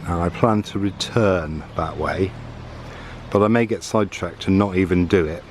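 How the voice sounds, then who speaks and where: A man's voice: deep voice, normal speed, a little hiss or hum. A man chatting casually while walking through summer woods with a handheld camera. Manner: rambling, chatty, thinking aloud. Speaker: vlogger on a woods walk. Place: outdoors in summer woodland. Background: birdsong and faint outdoor ambience.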